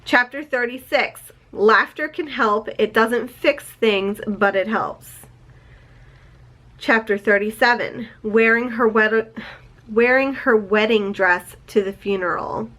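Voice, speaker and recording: A woman in her forties chats through a book review in a casual vlog, reading off her chapter notes. She gushes, gets choked up and throws in the odd swear word. Her voice sits a little high. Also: slow, fairly bright tone. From United States. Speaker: book vlogger.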